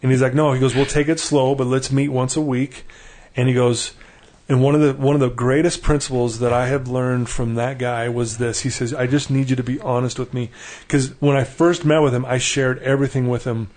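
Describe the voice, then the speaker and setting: A man's voice: mid-range voice, little pitch movement, fairly quick, few pauses, a little mellow. Earnest middle-aged man telling his story. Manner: earnest, acts out quoted dialogue with laughing asides. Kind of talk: casual storytelling conversation.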